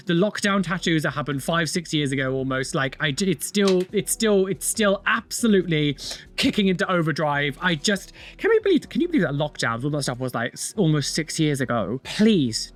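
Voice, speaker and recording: A young man casually reacting to tattoo videos, opinionated, chatty and self-mocking. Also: on the high side.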